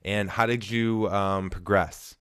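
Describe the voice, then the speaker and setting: Man, very deep voice, podcast host, earnest questions, dry close sound. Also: fairly even intonation, slow pace, a bit bright, smooth, dry recording. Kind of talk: interview questions.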